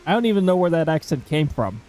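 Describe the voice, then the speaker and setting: A man chats casually while streaming a game live, joking at his own expense and reading chat aloud. His voice sits a little high and moves in animated leaps. Faint music plays behind him. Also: fast talker, rough recording. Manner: chatty, self-mocking, reads chat aloud.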